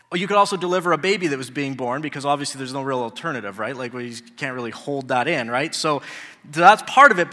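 A man's voice: on the high side, sharp tone, long reverb tail. A man preaching a sermon in a conversational way, asking the congregation rhetorical questions. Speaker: pastor.

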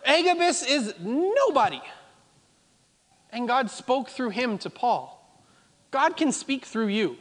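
A man's voice: very high-pitched, very animated, slow pace, pauses often, fairly bright tone, long reverb tail. A man preaching a sermon as pastor, driving points home by repeating phrases. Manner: emphatic, repeating phrases for effect.

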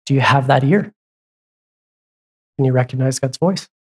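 Preaching in plain everyday language, a pastor with a middling, husky, darkish voice keeps addressing the congregation with direct questions. At a moderate pace, the sermon pauses now and then for an aside or to fix a slip.

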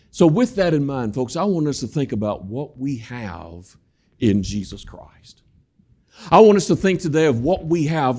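A man's voice: mid-range voice, darkish tone. A man preaching a sermon in a church, walking about as he talks, folksy and repetitive, calling the congregation "folks". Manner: folksy, repeats words, addresses congregation as folks. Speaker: guest preacher. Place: church sanctuary. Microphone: walking while preaching, moving around the mic.

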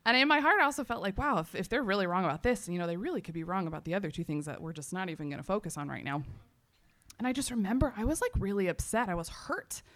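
Talking fast in a mid-range voice, a Texan woman shares her testimony with a church congregation. She's animated, packing in fillers and quoting what she told herself.

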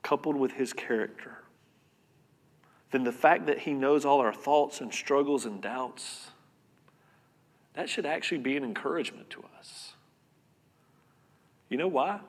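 A man preaching a sermon as pastor, earnest and conversational, repeating words and swinging between loud and soft. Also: medium pitch, a little slow, long pauses. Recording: long reverb of a hall.

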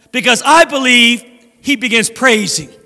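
A man preaching a sermon as a guest speaker in a church, animated and acting out voices from scripture. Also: very high voice, long reverb tail. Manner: animated, acts out scripture voices, laughs at own jokes. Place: church sanctuary.

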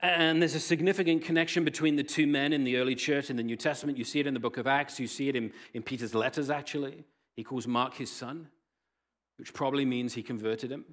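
Animated male pastor preaching. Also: mid-range voice, fast talker. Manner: animated storytelling with wide swings in loudness. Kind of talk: sermon.

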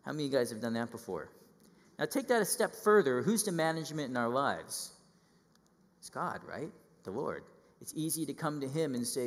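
A middle-aged man preaching a sermon to children, lively and full of questions, acting out quoted voices. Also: medium pitch, moderate pace, pauses often, big-room sound.

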